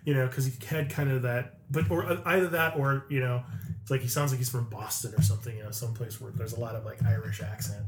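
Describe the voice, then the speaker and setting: A man's voice: medium pitch, fairly even intonation, fast, noisy background. A man hosting a casual podcast chat, rambling and joking with frequent fillers. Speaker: podcast host. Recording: echoey room.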